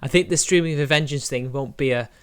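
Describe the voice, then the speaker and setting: A man's voice: on the high side, fast talker, fairly bright tone, clean tone. A young man, chatting on a live stream in a mocking, crude, laughing way. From Britain. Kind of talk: casual live-stream commentary.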